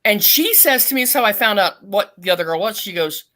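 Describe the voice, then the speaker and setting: A middle-aged woman, a podcast guest, telling a long story in a blunt, profane and animated way. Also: mid-range voice, brisk. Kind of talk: casual storytelling.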